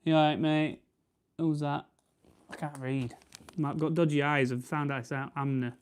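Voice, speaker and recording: Chatty Yorkshire man, smooth clear voice. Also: a little high, fairly even intonation, normal speed. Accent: Barnsley Yorkshire. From Barnsley, England. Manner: chatty, rambling, self-correcting, answers chat comments. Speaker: farming channel host. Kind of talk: casual livestream chat while plucking game.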